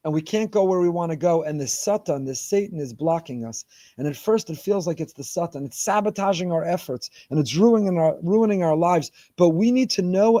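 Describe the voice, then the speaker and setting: A man, a rabbi, giving an animated sermon, weaving Hebrew phrases into his talk. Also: high voice, dry recording.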